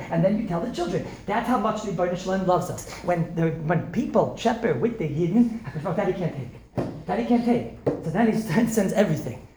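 A man, a rabbi, giving an informal holiday talk, animated, firing rhetorical questions and joking with listeners. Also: sits high. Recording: echoey room with faint noise.

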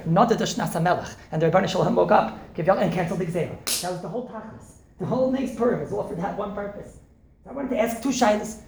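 A man, a rabbi, giving an informal holiday talk, animated, firing rhetorical questions and joking with listeners. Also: high-pitched. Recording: echoey room with faint noise.

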